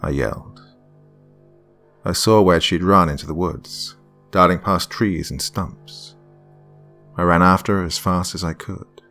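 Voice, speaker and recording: A man narrating a creepy first-person horror story in a measured, tense way, dropping to a hush at times. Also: low-pitched, fairly even intonation, soft background music.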